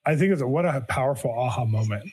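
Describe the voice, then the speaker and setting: A man hosts a conversational interview. He reacts often with short affirmations and asks follow-up questions, and his voice sits at a middling pitch for a man. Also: expressive, quick pace, darkish tone, husky. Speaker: interviewer, podcast host.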